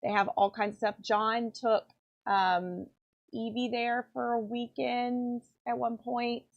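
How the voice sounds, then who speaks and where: In her home workshop, a pen maker and channel host rambles through casual chat as she works, her fairly high voice slow and level with vocal fry. She's chatty and full of fillers, recorded with dull lo-fi sound.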